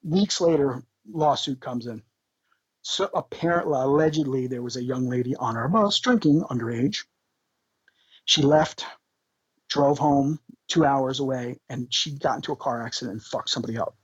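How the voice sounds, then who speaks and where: A man, a podcast guest, telling tour stories in an animated, swearing, laughing way. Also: mid-range voice, normal speed, husky, no room sound, muffled recording. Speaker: podcast guest, band member. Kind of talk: casual storytelling.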